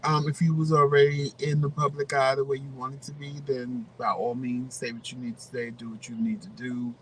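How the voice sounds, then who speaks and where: A man co-hosting a casual chat, giving his views in a flat, matter-of-fact way. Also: mid-range voice, normal speed, recorded from a distance, a little hiss or hum, rough recording. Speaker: co-host.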